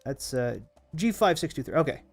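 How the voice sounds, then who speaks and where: Hoarse, rambling male game streamer. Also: a little high, animated, moderate pace, soft background music. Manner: rambling, self-correcting, chatty with viewers. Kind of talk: casual live-stream chat over gameplay.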